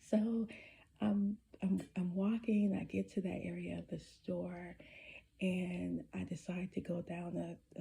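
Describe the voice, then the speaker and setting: A woman telling a personal story in a casual, halting way, with many restarts and some whispered asides. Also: lowish voice, gravelly, dark tone, slightly rough. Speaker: spiritual storyteller.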